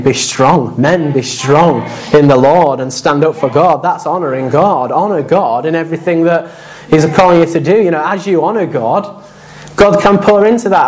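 A man's voice: on the high side, darkish tone, poor audio. A man preaching a sermon, earnest and repetitive, with casual asides. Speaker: pastor.

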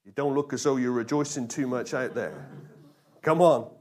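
A man preaching a lively sermon, drawing responses from his congregation and repeating key phrases for emphasis. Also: medium pitch, brisk. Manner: energetic, call-and-response with congregation, emphatic repetition. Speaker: pastor.

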